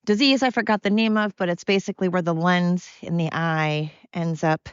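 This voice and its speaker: An American woman talks through her podcast alone at home, blunt and candid, wandering from point to point. Her voice sits on the low side. The recording is dry and dull, with no room sound and a muffled top end. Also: steady tone, normal speed, clear, resonant tone, no echo. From United States. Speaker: podcast host. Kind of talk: casual solo monologue.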